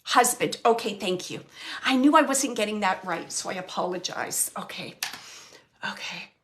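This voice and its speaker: A woman medium with a medium-pitched, animated voice does a live reading for an audience member. She talks in a halting, searching manner with soft whispered asides.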